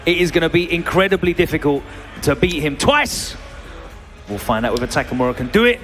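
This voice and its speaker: A man's voice: a little high, animated, brisk, fairly bright tone, faint music behind. A man doing analytical esports commentary with dry humor.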